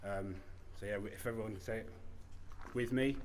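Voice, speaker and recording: A man's voice: lowish voice, fairly even intonation, moderate pace, a crowd in the background. A man introducing speakers at an outdoor protest rally, talking hesitantly with many ums and uhs. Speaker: rally organizer and compère.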